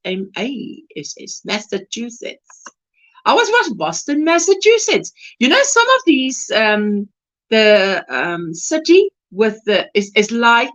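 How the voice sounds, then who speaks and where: A South African woman hosts a relaxed livestream chat, and her fairly high voice rises and falls in lively swoops. She takes her time and laughs easily as she reads comments aloud. The sound is a little dull, like plain lo-fi stream audio. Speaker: crochet livestream host.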